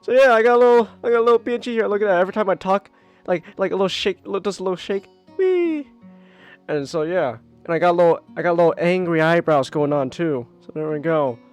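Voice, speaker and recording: High-voiced excitable male streamer. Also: fast, clean tone, soft background music. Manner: animated, swears a lot, bursts into high whoops. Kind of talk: casual live-stream chat.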